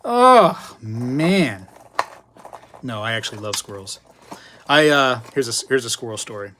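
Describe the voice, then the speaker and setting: Middle-aged man, live stream host, rambling casual storytelling, chatty asides, fillers, middle pitch. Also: a little slow, background noise. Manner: gets loud and high when excited. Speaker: host of a live hobby show.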